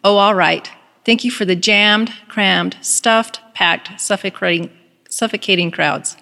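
A woman's voice: mid-range voice, a little slow, vocal fry, bright, forceful tone, big-room sound. Woman voicing a weary, reluctant prisoner. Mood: grudging.

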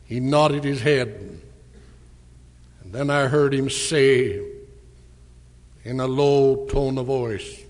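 A man giving a storytelling address at church, slowly and deliberately retelling a conversation. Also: medium pitch. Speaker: church speaker. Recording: long hall reverb.

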